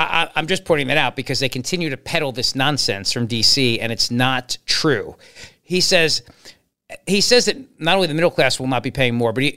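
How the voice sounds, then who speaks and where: A man's voice: medium pitch, pushed and bright, clean tone. A man hosting a political talk show, commenting sarcastically on played clips with mocking asides. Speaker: political podcast host.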